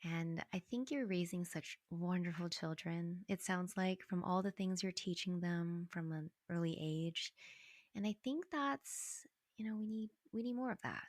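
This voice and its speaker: A woman's voice: on the low side, moderate pace, no room sound. Affirming female host, dry close sound. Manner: warm, affirming interviewer. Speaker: podcast host. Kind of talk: casual interview conversation.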